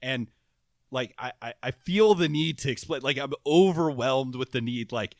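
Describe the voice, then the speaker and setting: A man co-hosting a podcast in casual chat, animated and quick to laugh, often restarting his sentences. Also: medium pitch, no echo, clean studio sound. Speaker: podcast co-host.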